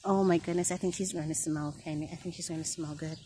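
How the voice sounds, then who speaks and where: A woman filming a casual walkthrough of her rose garden, talking straight to her viewers and gushing with excitement over each plant. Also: sits low, quick pace, slight background noise. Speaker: garden vlogger. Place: outdoor garden.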